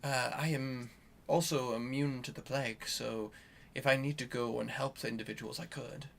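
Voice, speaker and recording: A man voicing a courteous male magic healer who speaks politely and softly, with hesitant fillers. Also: medium pitch, steady tone, moderate pace, vocal fry, slight background noise.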